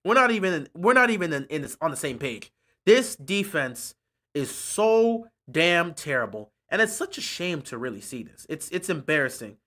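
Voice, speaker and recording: Fan host on a live reaction stream: bright, sharp tone, sarcastic, fed up, repeats himself for effect. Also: medium pitch, big pitch swings, moderate pace. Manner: frustrated, sarcastic and repetitive.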